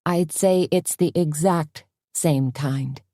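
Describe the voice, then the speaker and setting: Casting: woman voicing a composed, gently brave heroine, hushed and steady, dry close sound. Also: slow pace, no room sound. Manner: calm, low-key, reassuring. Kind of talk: audiobook character voice.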